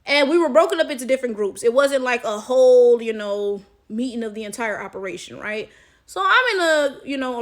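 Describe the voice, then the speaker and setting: High-voiced woman telling a story animatedly. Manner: animated, emphatic, swears freely, keeps asking "right?". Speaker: chess coach and vlogger. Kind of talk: casual storytelling to the camera.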